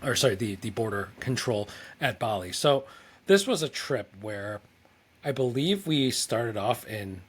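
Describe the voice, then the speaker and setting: Young male podcast co-host, mid-pitched, rambling storyteller who acts out quoted lines. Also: lively intonation, measured pace, slightly rough. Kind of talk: casual storytelling chat.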